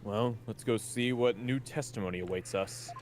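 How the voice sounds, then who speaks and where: A man's voice: lowish voice, normal speed, noisy background. A man hosting a let's play, trading joking, self-deprecating banter while reading a game. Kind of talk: casual gameplay commentary.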